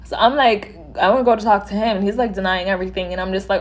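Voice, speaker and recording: Animated woman telling a storytime. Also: medium pitch, very fast, few pauses. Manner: animated, acts out quoted dialogue. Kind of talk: casual storytime.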